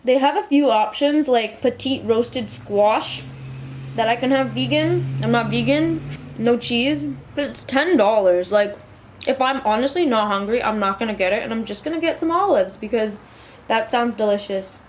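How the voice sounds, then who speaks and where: A woman's voice: fairly high pitch, normal speed, a little hiss or hum. Chatty young woman vlogging. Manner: chatty, rambling, addresses viewers as y'all. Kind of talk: casual vlog chat.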